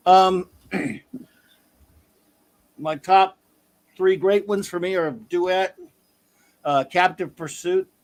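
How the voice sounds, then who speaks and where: A man's voice: high-pitched, very slow, long pauses. A man hosting a casual review podcast, talking loosely with lots of ums and restarts. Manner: loose, filler-heavy, meandering. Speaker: podcast host.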